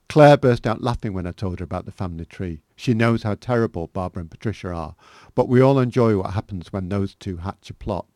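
A man's voice: fairly low pitch, fairly quick, darkish tone, dry recording. A man reading a personal memoir aloud as a guest, with dry, self-mocking humour. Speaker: guest author reading his work.

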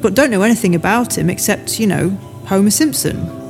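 A woman's voice: medium pitch, animated, fairly quick, over music, lightly acted. A woman reading an audiobook, voicing an unsure, mumbling young woman.

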